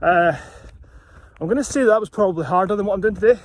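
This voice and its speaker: A man's voice: high-pitched, fast talker, a little hiss or hum. A man vlogging outdoors as he climbs a steep hill, talking casually and getting out of breath. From Scotland. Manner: chatty, breathy from climbing, marvels at the view. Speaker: running vlogger. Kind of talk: casual vlog while hiking.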